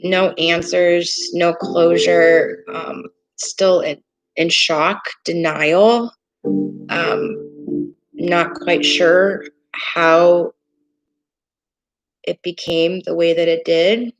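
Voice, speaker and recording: A woman giving a tarot reading, speaking in a halting, hesitant way with many pauses and fillers. She sounds earnest and emotional as she talks through the cards. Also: on the low side, fairly even intonation, rough recording. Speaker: tarot reader. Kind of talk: tarot card reading to camera. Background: soft meditation music.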